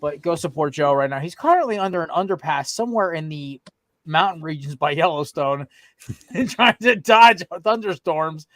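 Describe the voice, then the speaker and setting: A young man hosts a casual sports podcast, rambling and swearing with plenty of excitement. His voice sits a little high for a man, and the sound is close and dry. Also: moderate pace, no room sound. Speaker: podcast host.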